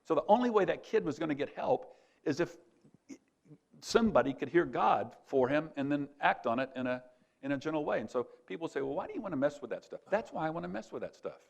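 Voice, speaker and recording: An older man speaking at a retreat, telling a personal story in a conversational sermon style and quoting others in lively voices. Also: fairly high pitch, brisk, vocal fry. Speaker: conference speaker.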